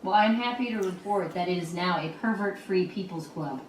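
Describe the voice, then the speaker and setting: A woman's voice: on the low side, fairly quick, a little hiss or hum, close to an everyday voice. An actress playing an earnest, upbeat woman councilor in a sitcom, speaking eagerly. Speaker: city councilor. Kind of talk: TV sitcom acting. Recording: sitcom clip, roomy and distant.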